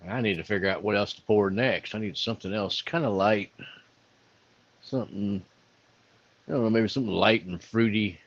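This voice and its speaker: A man's voice: on the low side, moderate pace, pauses often, dull audio. A man co-hosting a casual livestream, laid-back and agreeable, reading from chat. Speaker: livestream co-host.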